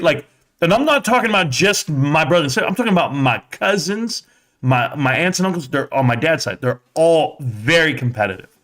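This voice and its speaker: A man's voice: fairly high pitch, animated, brisk, a bit bright. A man hosting a live stream, reading viewer comments aloud and chatting casually in a rambling, joking way. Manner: reads chat aloud, rambling and jokey.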